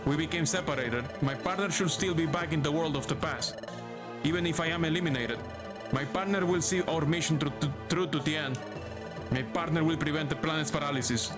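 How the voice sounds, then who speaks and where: A man's voice: a little high, fairly quick, lightly acted. A man reading the lines of a serious, determined male lizard rebel from a video game, earnest and resolute, over background music. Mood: resigned.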